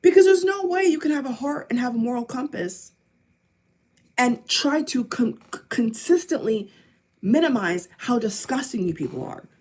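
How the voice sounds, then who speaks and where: A woman's voice: fairly high pitch, expressive, moderate pace, a little mellow, breathy edge. A woman from the United States vlogging an angry political rant to camera, hammering the same phrases again and again. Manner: heated, repeats phrases over and over.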